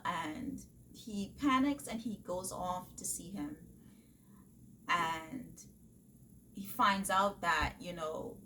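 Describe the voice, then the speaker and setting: Woman book vlogger, mid pitch, easygoing slow delivery, lots of fillers; faint hiss behind. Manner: chatty, animated retelling with frequent fillers and laughs. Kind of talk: casual book review chat.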